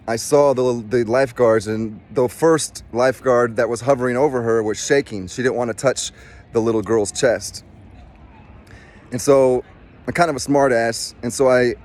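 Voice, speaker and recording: A man's voice: medium pitch, a little mellow. A middle-aged man, a former Marine, telling a personal story in casual, rambling speech with many restarts. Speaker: former Marine recounting a rescue.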